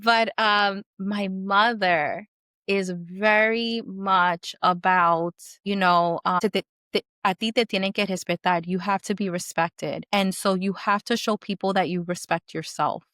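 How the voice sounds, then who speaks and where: A woman's voice: medium pitch, fairly even intonation, measured pace, fairly bright tone, no room sound, studio quality. A woman, a podcast guest from a Puerto Rican family, telling stories in casual conversation, mixing in Spanish phrases and many fillers.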